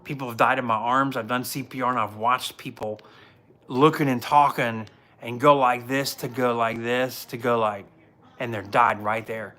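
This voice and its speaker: A man's voice: medium pitch, fairly even intonation, moderate pace, sharp tone. A man in his forties, a police officer hosting a casual livestream from home, telling earnest, rambling stories full of restarts. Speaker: police officer and show host.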